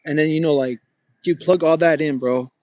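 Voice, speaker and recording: A man's voice: fairly high pitch, fairly even intonation, normal speed, a little mellow. A young man hosting a casual livestream while he walks, chatting with viewers and calling them bro. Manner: talks to chat viewers, says bro often; walking with a gimbal. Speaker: livestream host.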